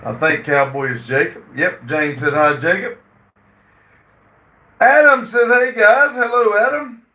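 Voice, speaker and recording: Man, livestream host, reads chat aloud, halting with fillers, roomy, distant, dull phone sound. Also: high-pitched, a little hiss or hum. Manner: reads chat messages aloud and answers them. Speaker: livestream host reading viewer comments. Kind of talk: casual chat.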